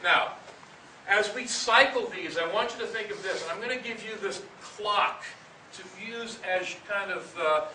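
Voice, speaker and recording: A man with a fairly high voice teaches breathing exercises, patiently repeating his points and counting beats aloud. He sounds far from the mic in an echoing room, with steady noise under the voice. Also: moderate pace. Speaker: band director teaching breathing. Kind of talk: instructional talk to students. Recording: echoey room, distant mic, noisy.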